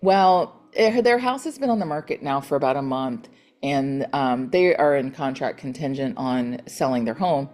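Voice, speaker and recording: A middle-aged woman hosting a motivational real estate team call, chatty and encouraging, retelling conversations with lively quoted voices. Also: very deep voice, moderate pace.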